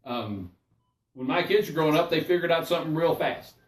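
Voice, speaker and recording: An older man serves as pastor, giving a folksy, chatty Bible study sermon. His voice sits fairly high and rises and falls in animated swings. He is heard from a distance in an echoey room. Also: fairly quick. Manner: folksy, conversational, checks in with listeners.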